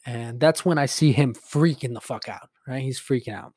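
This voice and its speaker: A young man hosting a podcast, telling a story casually with lots of swearing, fillers and animated retelling. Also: mid-range voice, normal speed, husky, dry recording, studio quality. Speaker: podcast host.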